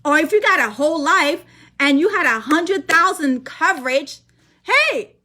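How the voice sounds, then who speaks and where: A woman giving an energetic, emphatic sales presentation as a financial presenter, repeating key points to her audience. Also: high voice, moderate pace.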